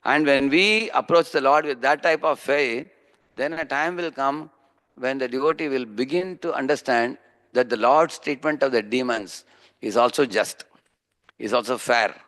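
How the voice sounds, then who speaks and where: A man's voice: medium pitch, normal speed, a bit bright. A man with an Indian accent giving a sermon on scripture. He tells everyday stories, often checks in with a questioning "huh?", and acts out the voices of people in his stories. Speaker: preacher giving a scripture class.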